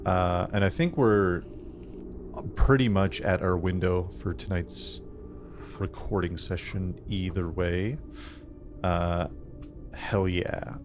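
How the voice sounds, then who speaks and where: A man playing a tabletop game, chatting excitedly, swearing and laughing. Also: deep voice, takes it slowly, long pauses, music in the background. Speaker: player. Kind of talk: casual chat.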